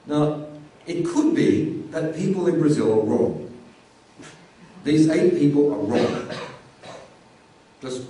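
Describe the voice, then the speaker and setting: A man's voice: a little high, warm tone, recorded from a distance. A man giving a university lecture in a conversational way, often repeating words as he thinks. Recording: echoey room, voice from afar.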